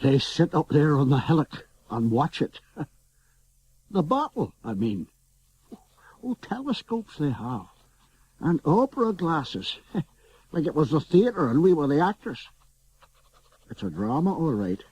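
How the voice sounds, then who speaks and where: An actor playing a wry, chuckling common soldier who mocks the officers watching the battle in a radio drama. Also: male voice, a little high, very animated, unhurried, pauses often, darkish tone, husky, full character voice.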